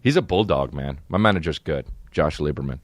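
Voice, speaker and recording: A man's voice: a bass voice, lively intonation, brisk, dry recording, studio quality. A man hosting his own podcast, rambling and cursing casually through a monologue, slipping into mocking voices. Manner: profane, rambling, jumps into mocking put-on voices. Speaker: podcast host.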